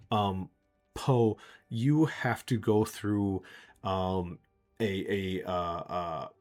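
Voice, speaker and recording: A man narrating a tabletop game as game master. He has a lowish voice and rambles along, laughing often. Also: darkish tone.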